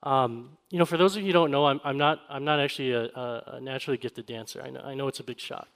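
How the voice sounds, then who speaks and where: A man preaching a sermon, moving between raised, emphatic points and quiet, quick personal stories told to the congregation. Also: mid-range voice, gravelly. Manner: swings from raised, emphatic preaching to quiet, fast conversational storytelling. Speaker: pastor.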